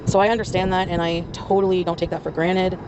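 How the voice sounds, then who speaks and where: A woman's voice: lowish voice, flat delivery, fast talker, lo-fi sound. Rambling woman with street noise behind. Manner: rambling, filler-heavy chatter. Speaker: livestreamer. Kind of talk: casual livestream chat.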